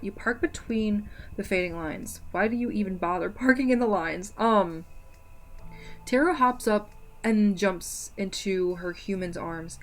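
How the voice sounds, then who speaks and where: A woman's voice: mid-range voice, slight background noise. Playful woman streamer reading a game aloud. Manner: playful, chatty, reacts aloud.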